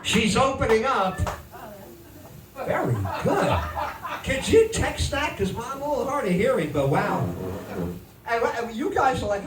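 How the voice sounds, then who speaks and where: A man's voice: very high voice, measured pace, long pauses, a loud crowd. A middle-aged man doing stand-up on a comedy club stage, telling a story and acting out his family's voices. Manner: animated, acts out family voices, shouts punchlines. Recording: echoey club from a distance with noise.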